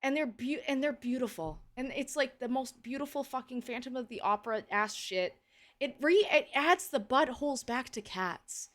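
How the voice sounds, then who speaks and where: Young woman, higher voice, streamer host, lively storyteller who swears a lot. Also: normal speed. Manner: animated, swears freely, acts out quotes. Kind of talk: casual storytelling chat.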